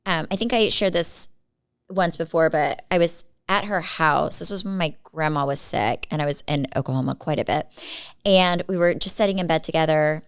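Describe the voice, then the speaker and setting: A woman in her forties co-hosting a podcast, telling animated stories in casual chat and acting out other people's lines. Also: deep voice, moderate pace, clean tone, dry recording. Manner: animated storyteller acting out quotes. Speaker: podcast co-host.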